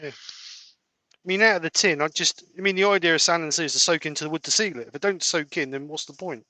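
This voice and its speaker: A man's voice: a little high, fast talker, pushed and bright, no echo. A man demonstrating woodturning on a livestream, explaining his steps in a plain, practical way. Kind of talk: livestream demo chat.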